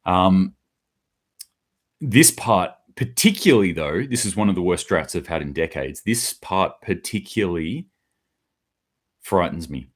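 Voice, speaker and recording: Deep-voiced guy doing solo news commentary, blunt, sarcastic, does mock voices for quotes. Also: animated, a little slow, long pauses.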